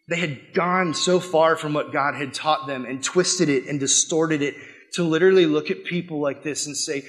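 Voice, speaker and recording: Energetic young man preaching, high voice. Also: moderate pace. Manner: energetic, swings between loud emphasis and quiet asides. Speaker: youth pastor. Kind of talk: sermon.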